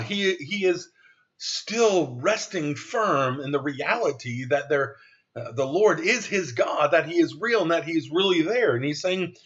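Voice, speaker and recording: A man's voice: on the high side, expressive, normal speed, a bit bright, dull audio. A man preaching a sermon as pastor, reading scripture aloud in an earnest way with some restarts.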